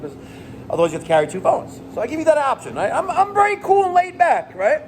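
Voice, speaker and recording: A middle-aged man vents as a plumbing boss in a vlog. His voice sits high and gets animated and exasperated, with plenty of swearing. Faint background noise runs under him. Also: quick pace. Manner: animated, profane, exasperated ranting. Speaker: plumbing business owner. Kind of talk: rant vlog to camera.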